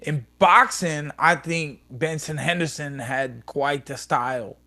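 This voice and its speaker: A man's voice: a little high, takes it slowly, bright, forceful tone. A man in his thirties, a guest on a podcast, chatting casually and rambling through profane stories. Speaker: podcast guest, professional fighter.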